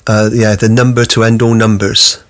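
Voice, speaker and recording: Man, lowish voice, halting testimony. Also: level tone. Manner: halting, many restarts. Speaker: guest sharing life story. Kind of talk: personal testimony.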